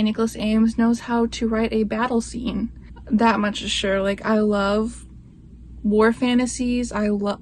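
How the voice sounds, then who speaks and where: A woman's voice: mid-range voice, slight background noise. A young woman talking casually at home, gushing about books with lots of "like" fillers. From Florida, USA. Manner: chatty, gushing, many "like" fillers, baby-talks to her pet. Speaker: book vlogger. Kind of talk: casual book review chat.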